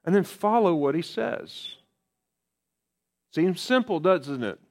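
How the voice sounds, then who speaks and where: A man's voice: high-pitched, animated, slow pace. A man preaching a sermon in a conversational way, repeating key phrases for emphasis.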